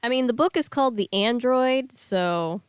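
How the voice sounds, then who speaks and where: A woman with a smooth, clear voice chats easily and jokes as a stream co-host. Her voice sounds dry and close, with no room echo. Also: fairly high pitch, lively intonation, normal speed. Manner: easygoing, joking, laughs often. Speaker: co-host of a book-reading stream. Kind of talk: casual chat.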